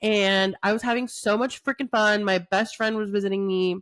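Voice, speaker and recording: A woman co-hosting a podcast in casual chat, animated, with lots of fillers and swearing. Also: mid-range voice, normal speed, clean tone, no echo. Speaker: podcast co-host.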